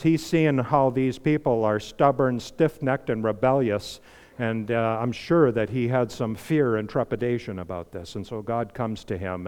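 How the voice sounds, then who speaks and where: A man preaching a sermon, fervent, swinging from hushed asides to emphatic exhortation. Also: mid-range voice, clean tone. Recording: long hall reverb.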